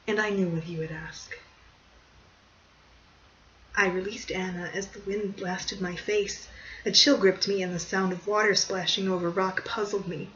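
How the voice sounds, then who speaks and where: Measured storyteller on a dull distant mic. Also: mid-range voice, fairly bright tone. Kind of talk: scripted narration of a horror short story. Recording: dull distant recording, faint hiss.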